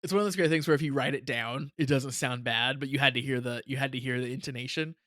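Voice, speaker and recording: A man's voice: medium pitch, fast talker, a bit bright, dry recording, studio quality. A man co-hosting a casual review podcast, chatty and laughing often, with many repeated words. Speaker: podcast co-host.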